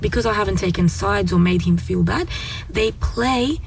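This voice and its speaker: A woman speaking calmly and gently as a parent guest, talking through how she handles her children. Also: mid-range voice, normal speed, creaky, distant mic, a little hiss or hum, low-quality recording. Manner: calm, gentle, reflective. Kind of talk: casual discussion.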